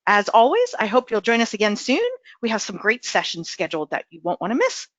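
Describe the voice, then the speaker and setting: A woman's voice: medium pitch, sing-song, a little fast, no echo. A woman hosting a webinar who sounds upbeat and enthusiastic as she wraps up the session. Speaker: webinar host. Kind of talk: webinar wrap-up announcement. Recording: dull lo-fi webinar audio, dry.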